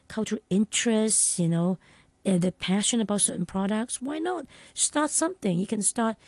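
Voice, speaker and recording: A woman's voice: mid-range voice, a little mellow, dry recording. A woman in casual conversation, rambling with many fillers and restarts.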